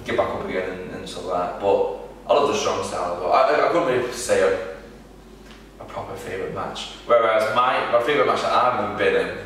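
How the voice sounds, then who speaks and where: Man, wrestler, halting casual answers, lowish voice, echoey room, off-mic. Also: a bit bright, distant mic, slight background noise. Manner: halting, many restarts and fillers. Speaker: wrestler being interviewed.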